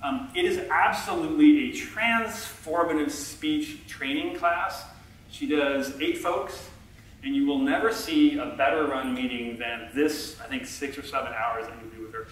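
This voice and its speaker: A middle-aged man giving a conference talk from a stage, a self-confessed low talker who is chatty and self-deprecating and talks back and forth with the audience. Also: measured pace, a bit bright. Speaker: conference speaker. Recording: echoey hall, heard from far off.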